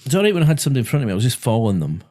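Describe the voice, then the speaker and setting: A man's voice: mid-range voice, big pitch swings, racing, dark tone. Scottish man, chatty podcast host. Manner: chatty storyteller, laughs at his own stories. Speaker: podcast host and driving instructor. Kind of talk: casual chat. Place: small podcast studio.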